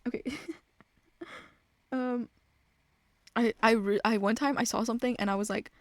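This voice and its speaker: A woman's voice: fairly high pitch, fairly even intonation, moderate pace, no echo, studio quality. A young woman telling rambling stories while playing a game, often interrupting herself and trailing off into muttered asides. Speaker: gaming vlogger.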